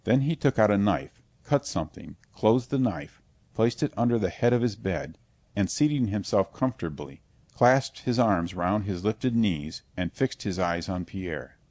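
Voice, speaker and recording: Low-voiced man narrating an audiobook, steady and measured, dry close recording. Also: dry recording. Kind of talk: scripted narration.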